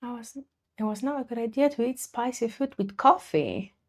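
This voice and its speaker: A woman's voice: fairly high pitch, normal speed. A woman streaming her painting, chatting casually with viewers, laughing often and greeting them as she works. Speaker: artist streaming while painting. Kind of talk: casual livestream chat with viewers.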